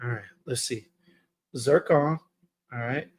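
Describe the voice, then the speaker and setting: A man's voice: medium pitch, slow pace, husky. A laid-back man hosting a casual livestream fragrance review, chatting with his viewers in slang. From Texas.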